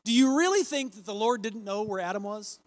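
A man preaching a sermon, reading scripture aloud and slowing down to stress key phrases. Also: high voice, animated, no room sound.

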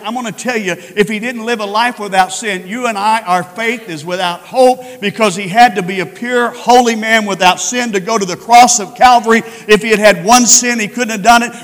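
Fervent high-voiced preacher in a reverberant church. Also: male voice, steady tone. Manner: fervent, rising to shouts, drawn-out emphasis. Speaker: pastor. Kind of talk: sermon. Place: church sanctuary. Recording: long hall reverb.

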